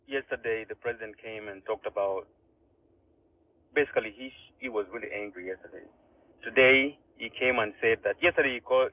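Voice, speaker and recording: A man's voice: mid-range voice, no room sound. Man, indignant rhetorical questions, dry tinny phone-line sound. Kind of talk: online audio space discussion.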